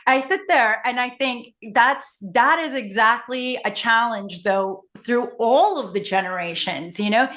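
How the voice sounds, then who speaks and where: A middle-aged woman, a facilitator and coach, tells stories in casual conversation, animatedly acting out the dialogue. Her voice sits on the high side and moves a little slowly, with hardly any pauses.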